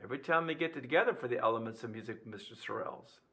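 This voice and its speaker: A man's voice: medium pitch, quick pace, pushed and bright. A man teaching a music lesson on video, playful and quizzing, chanting rhythm syllables as he counts beats.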